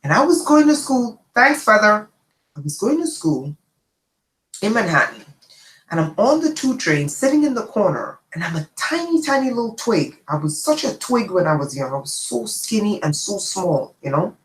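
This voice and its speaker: A woman's voice: medium pitch, moderate pace, roomy sound, slight background noise, low-quality recording. A woman host telling a personal story in a casual livestream chat, often checking in with her listeners. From immigrant to the United States. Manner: chatty, animated, checks in with "okay?". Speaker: channel host.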